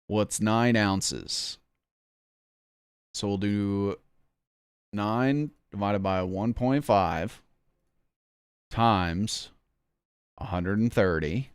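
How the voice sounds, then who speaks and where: A man's voice: on the low side, extremely slow, long pauses, clean tone, no room sound. A man chatting casually on a stream, rambling and swearing in a jokey, offhand way. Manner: rambling, profane, jokey, says "bro".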